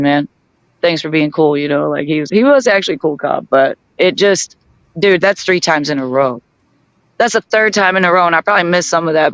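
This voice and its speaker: A man telling a story in a casual group chat, animated, acting out both sides of the conversation and laughing often. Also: fairly high pitch, clean tone, no room sound, dull audio. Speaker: guest on a group chat show.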